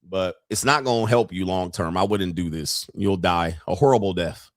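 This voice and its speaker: A man's voice: low-pitched, normal speed, dry recording, studio quality. A man hosting a casual commentary show, reacting to clips in a profane, mocking way and laughing often. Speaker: host.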